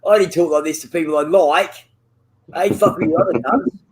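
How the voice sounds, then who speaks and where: Over voice chat during a game, a high-pitched man rambles and teases his friend, cursing in nearly every line and throwing insults back and forth. He speaks fairly quickly and keeps returning to filler words.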